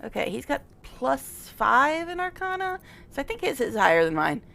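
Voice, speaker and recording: A woman's voice: high voice, big pitch swings, moderate pace, vocal fry, fairly bright tone. A woman streamer giving casual gameplay commentary, chatty and giggly, with frequent laughs.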